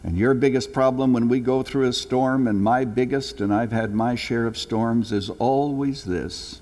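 An older man preaching a sermon to his congregation, telling stories earnestly, rising for emphasis and then dropping low and slow. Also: a little mellow. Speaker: pastor. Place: church sanctuary. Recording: long hall reverb.

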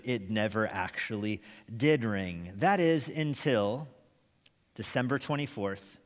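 Man, preacher, sermon storytelling, animated, reverberant church hall. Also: medium pitch. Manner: animated storyteller, chuckles often. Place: church sanctuary.

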